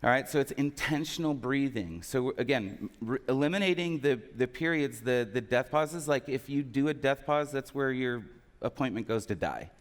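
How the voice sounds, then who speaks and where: A man with a mid-pitched voice jokes with a conference crowd from the stage and keeps asking them questions. His voice carries a long hall reverb from the big room. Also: normal speed. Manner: joking, asks the crowd questions. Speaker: sales trainer.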